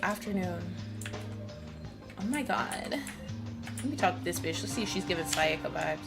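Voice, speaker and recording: A woman's voice: fairly low pitch, expressive, normal speed, creaky. A woman streamer chatting casually while reading a visual novel aloud, sarcastic and full of profanity. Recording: game music under the voice. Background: game music.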